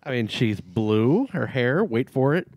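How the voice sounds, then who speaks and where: A man's voice: mid-range voice, lively intonation, a little slow, a crowd in the background. Guy on a podcast hamming up his pony fandom, voice bouncing all over. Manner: playful, mock-earnest pony fan. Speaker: podcast co-host. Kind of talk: casual comedic chat.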